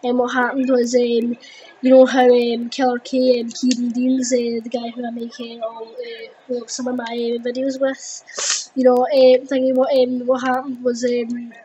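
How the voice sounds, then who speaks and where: A teenage girl, commenting on her gameplay in an excitable, rambling way with lots of fillers. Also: on the high side, normal speed, lo-fi sound, a little hiss or hum. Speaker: gaming video host.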